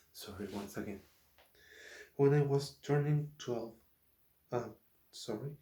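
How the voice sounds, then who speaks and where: A man whose first language is Spanish, hosting his channel and reading a novel aloud as an ASMR read, careful and halting, often correcting himself. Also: mid-range voice, warm tone, roomy sound.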